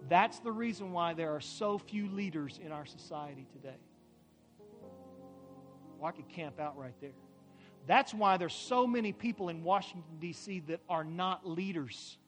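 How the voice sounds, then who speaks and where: High-voiced preaching man. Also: normal speed, faint music behind. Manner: emphatic preaching, swelling louder at climaxes; asks the congregation to repeat phrases. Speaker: pastor. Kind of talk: sermon. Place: church sanctuary.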